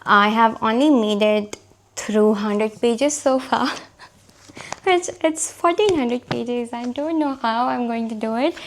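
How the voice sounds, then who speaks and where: A woman vlogging casually about her books, her voice hoarse from a cold, chatty and self-deprecating. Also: fairly high pitch, takes it slowly, slight background noise. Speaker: book vlogger.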